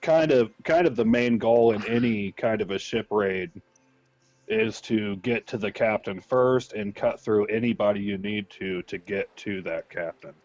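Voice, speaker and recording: A man's voice: lowish voice, a little slow, darkish tone, no echo, muffled recording. A man playing a tabletop game, describing his character's actions at length. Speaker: player.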